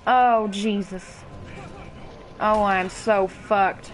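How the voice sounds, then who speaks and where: A woman in her twenties from Kentucky, USA, with a Kentucky accent, chats casually and cusses freely while streaming a game and greeting viewers. Her mid-range voice is steady and she draws out her words. The recording is rough.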